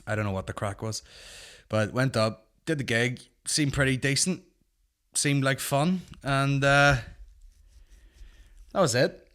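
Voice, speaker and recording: A man's voice: mid-range voice, measured pace, pauses often, fairly bright tone, smooth. A young Northern Irish man hosting a comedy podcast, telling a rambling, sweary anecdote in casual chat. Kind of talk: casual storytelling.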